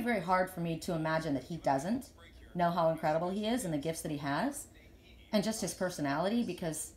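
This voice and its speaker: A woman's voice: fairly low pitch, roomy sound. A woman speaking as a spiritual reader and healer in a casual live chat to her followers. She talks earnestly and rambles, often repeating words as she starts a sentence.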